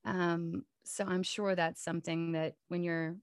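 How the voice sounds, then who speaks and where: A woman voice actress chatting as an interview guest, lively and full of restarts and fillers. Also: fairly low pitch, a little slow, clear, resonant tone, dry recording, clean studio sound. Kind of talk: casual interview chat.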